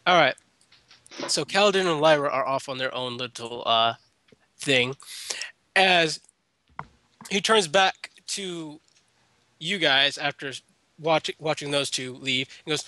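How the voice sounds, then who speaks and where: A man's voice: on the high side, slow pace, pauses often, pushed and bright. A man narrating a tabletop game as game master, in a casual way with many fillers and restarts.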